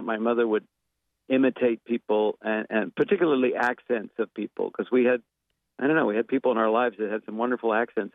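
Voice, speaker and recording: The audio is dry and phone-quality, carrying a man's medium-pitched, gravelly voice. Interviewed casually as a guest actor and impressionist, he talks in a rambling, thoughtful way, using many fillers and restarts.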